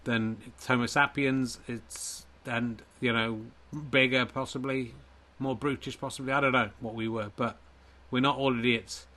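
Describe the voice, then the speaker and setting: A man playing a Neanderthal character, talking slow and deadpan about losing. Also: mid-range voice. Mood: glum. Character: Neanderthal version of host, male, gloomy, self-mocking.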